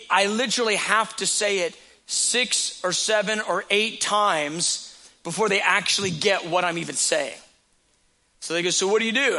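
A man's voice: high voice, bright, forceful tone. A man preaching a sermon as a pastor, talking in a conversational storytelling way with repeated phrases.

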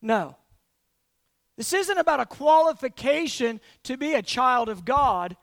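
A man preaching a conversational sermon in a church, acting out everyday scenes with lots of quick restarts. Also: extremely high pitch, gravelly, no echo. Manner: animated, acts out everyday scenes with frequent restarts.

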